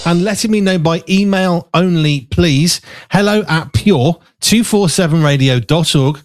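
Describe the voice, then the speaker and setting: A man's voice: on the high side, a little slow, soft background music. A British man hosting a live radio show, chatty and teasing, with a slightly rambling way of talking. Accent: British English. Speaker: radio presenter. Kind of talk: casual live radio chat. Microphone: studio microphone.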